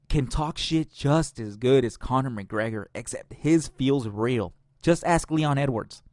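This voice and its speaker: A man's voice: medium pitch, no echo, studio quality. A man hosting a podcast, ranting casually and profanely with strong opinions. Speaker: podcast host.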